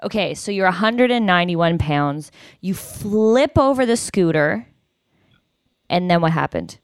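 A woman's voice: lowish voice, expressive, a little slow, clean tone, dry recording, studio quality. A woman hosting a casual chat, blunt and teasing, who swears casually.

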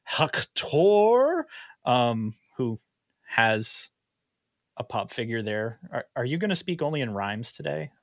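A playful male podcast host from Canada, joking at his own expense and laughing easily. His voice sits at an everyday middle pitch. The sound is close and dry, with no room around it. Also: measured pace, fairly bright tone, dry recording. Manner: playful, self-deprecating, laughs often. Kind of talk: casual podcast chat.

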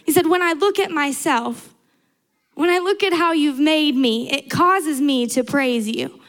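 Young woman preacher, high bright voice, earnest sermon with repeated emphatic lines. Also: measured pace.

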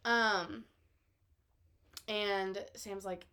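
Woman on a chatty podcast, acting out lines fast and lively. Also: mid-range voice, smooth. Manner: animated, quotes characters in quick bursts. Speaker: podcast co-host. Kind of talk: casual recap chat.

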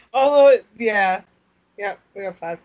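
A woman's voice: medium pitch, a little mellow. A woman co-hosting a casual chat, laughing often and restarting her sentences. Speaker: podcast co-host. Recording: dull lo-fi sound.

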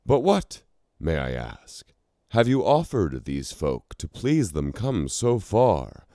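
In a storybook reading, a man voices a scheming human scribe king who speaks formally, ceremoniously and persuasively. His naturally low, slightly mellow voice is exaggerated and pitched above his own register, recorded in a clean studio with no echo.

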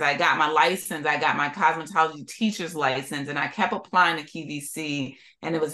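A woman from Philadelphia, a podcast guest, telling her story in an interview in an animated, expressive way and laughing often. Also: deep voice, brisk, few pauses. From Philadelphia, USA.

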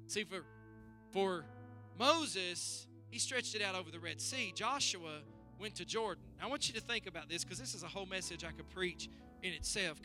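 Bright, high-voiced preaching man. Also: no room sound. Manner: preaching, rising to shouts, calls to the congregation. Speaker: pastor. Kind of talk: sermon. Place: church service.

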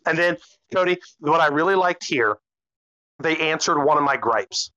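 A man co-hosting a casual anime recap podcast, animated and swearing freely. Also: a little high, no echo, highs cut off. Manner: animated, swears freely, acts out characters in quick bursts. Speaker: podcast co-host.

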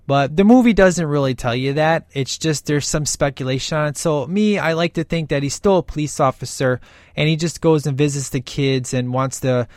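A man chatting about a film in a loose, enthusiastic ramble, full of ums and asides. His voice sits at an ordinary middle pitch. The sound is dry and close, with no room around it. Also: no room sound. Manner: rambling and enthusiastic, many fillers. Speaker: podcast host reviewing a film. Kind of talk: casual movie commentary.

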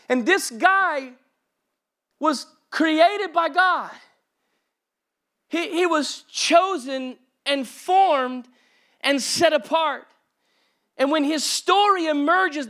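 A male pastor in his forties preaching an energetic sermon to a congregation in a church auditorium. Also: very high voice.

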